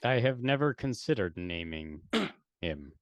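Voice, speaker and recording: A man's voice: on the low side, very animated, measured pace, dull audio. A man playing in a tabletop game, giving short, dry replies. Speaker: player. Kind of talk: tabletop role-play.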